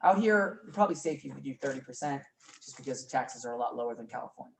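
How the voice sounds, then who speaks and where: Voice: medium pitch, lively intonation, quick pace. A presenter giving an informal business training talk to a small group, chatty and prone to mid-sentence restarts. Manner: chatty, coins words, corrects himself or herself mid-sentence. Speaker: workshop presenter. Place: office meeting room with a small group. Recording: echoey room, mic far off, faint noise.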